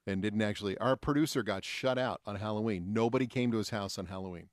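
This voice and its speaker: A man hosting a morning radio show, chatty and quick with questions. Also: fairly low pitch, no echo, clean studio sound. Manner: chatty, laughs often, asks quick questions. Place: radio studio.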